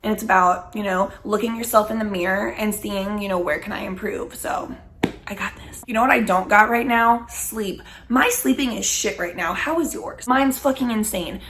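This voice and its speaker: A woman's voice: medium pitch, fairly bright tone. Woman, mid-twenties, casual vlogger, chatty, blunt, salty language. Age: 20s. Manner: candid, swears freely, chatty and rambling. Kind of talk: casual chat while smoking.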